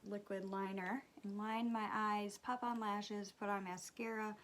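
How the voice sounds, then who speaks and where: A woman telling a story while doing her makeup, chatty and rambling, with fillers and soft asides. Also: mid-range voice, little pitch movement, unhurried, slight background noise. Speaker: beauty vlogger and mother. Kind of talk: casual get-ready-with-me story chat.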